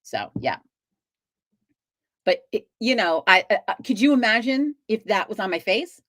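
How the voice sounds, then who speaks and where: A woman's voice: on the low side, lively intonation, brisk, a bit bright, dry recording, clean studio sound. A woman hosting a live stream, chatting casually with viewers, talkative and swearing freely as she rambles.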